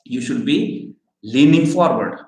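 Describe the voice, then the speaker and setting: A man teaching recruiters in a slow, emphatic lecture, often checking in with "okay?" and "right?". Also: mid-range voice, lively intonation, a little mellow. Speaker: recruiting trainer. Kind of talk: training lecture. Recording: roomy echo.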